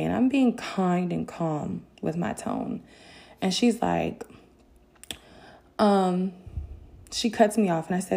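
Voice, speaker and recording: A woman vlogger telling a candid story time to her viewers, casual and animated, with bursts of indignation. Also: lowish voice, normal speed, creaky, long pauses.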